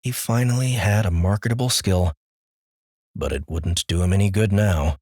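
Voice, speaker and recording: A man narrating an audiobook in a measured, clear voice. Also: low voice, darkish tone, no room sound, clean studio sound. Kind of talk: scripted narration.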